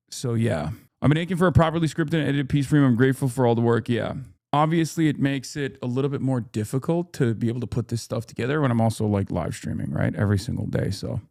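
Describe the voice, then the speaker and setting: Low, dark-voiced man chatting on stream. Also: vocal fry, no echo, studio quality. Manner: rambling, many restarts and fillers, reads chat aloud. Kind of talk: casual live-stream chat.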